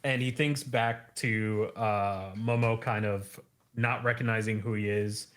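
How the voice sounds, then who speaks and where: Slow, chuckly man recapping a story. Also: on the low side, fairly even intonation, fairly bright tone. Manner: laughs often, loose with fillers. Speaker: podcast host. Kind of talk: casual chapter recap.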